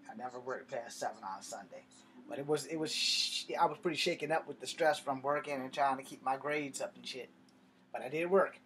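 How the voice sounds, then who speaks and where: A young man doing stand-up storytelling in an animated, profane, conversational way. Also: medium pitch, brisk, slight background noise. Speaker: comedian.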